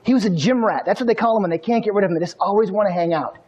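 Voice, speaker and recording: A man giving an energetic motivational keynote, telling stories and speaking straight to the audience. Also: high-pitched, rapid-fire, muffled recording. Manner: energetic, storytelling, addresses audience directly.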